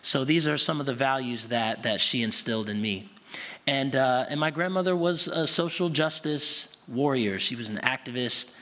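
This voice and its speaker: A man's voice: medium pitch, normal speed, pushed and bright. A man giving a conversational public talk, often restarting and repeating words. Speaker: guest speaker. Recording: long hall reverb.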